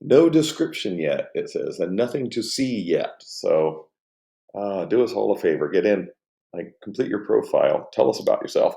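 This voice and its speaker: Male streamer, deep gravelly voice, loose halting chat, roomy echo. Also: very animated, mellow. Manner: rambling, halting, greets chat viewers by name. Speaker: livestream host. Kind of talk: casual livestream chat.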